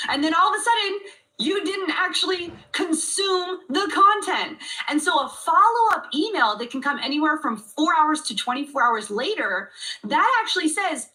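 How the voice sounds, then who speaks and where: Bright, animated woman coaching from a distance. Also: high voice, moderate pace. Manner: animated, acts out customer thoughts, addresses audience directly. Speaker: online business coach. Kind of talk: livestream teaching talk.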